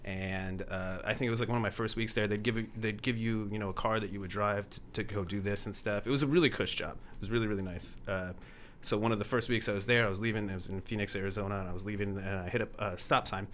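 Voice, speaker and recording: A man's voice: fairly low pitch, steady tone, quick pace, a bit bright, slight background noise. A man, a podcast guest, casually telling stories with bursts of laughter. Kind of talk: casual storytelling.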